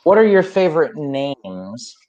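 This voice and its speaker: A man hosting a casual podcast, reading questions briskly with quick playful quips, over a remote call. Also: on the high side, big pitch swings, mellow, muffled recording. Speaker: podcast host asking questions.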